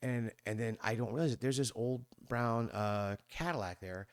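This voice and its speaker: Animated storyteller man in his fifties. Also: normal speed, dry recording. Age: 50s. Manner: animated, acting out other people's voices with sudden high squeaks; rambling with many restarts and fillers. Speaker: podcast guest. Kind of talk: conversational storytelling.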